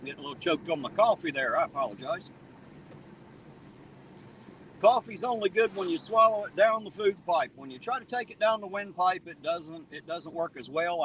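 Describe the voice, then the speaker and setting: A man's voice: on the high side, a bit bright. A man hosting a casual live stream outdoors at night, chatting and joking as he greets viewers by name. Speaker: livestream host reading viewer chat. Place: outdoors on a town street at night after rain. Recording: slightly distant mic, faint street noise.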